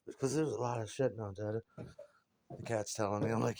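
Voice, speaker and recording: A man's voice: medium pitch, flat delivery, normal speed, long pauses, a little mellow. Guy in his 40s rambling crude stories, keeps laughing, faint hiss behind. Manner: crude, rambling, laughs often, repeats words. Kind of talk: rambling comic monologue.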